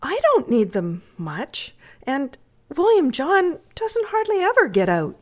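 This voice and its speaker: A woman's voice: sits high, huge pitch swings, slow, voice pushed up, full character voice. Woman doing a cheerful little poor boy. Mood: kind. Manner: cheerful, gentle.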